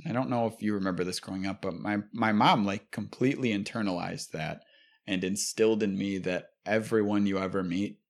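A young man hosting a podcast, chatting casually and rambling with many fillers and curse words. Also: on the low side. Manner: rambling, profane, frequent fillers. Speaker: podcast host. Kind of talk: casual chat.

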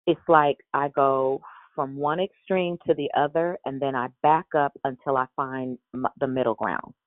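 A woman hosting a faith call, talking in a gentle, reassuring way and often repeating her words. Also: very deep voice, steady tone, normal speed, dry recording. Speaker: host of a prayer call. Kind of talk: encouraging faith talk. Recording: tinny phone line, dry.

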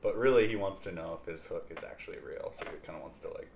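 A man's voice: deep voice, fast, background noise. A man playing a tabletop game, laid-back and amused as he describes what his character does. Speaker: player. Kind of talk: casual tabletop play.

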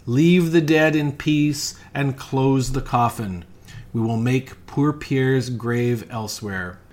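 Brief: old country priest, slow measured orders, mid-pitched, as a male reader puts him on. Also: a little mellow, close to an everyday voice. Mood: solemn. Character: old village priest, grave and solemn.

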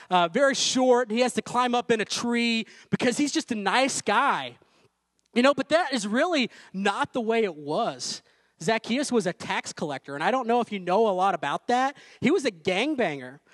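High-voiced man preaching casually. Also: fairly bright tone, no room sound. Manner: conversational preaching with sung snippets and jokes. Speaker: pastor. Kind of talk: sermon. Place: church room.

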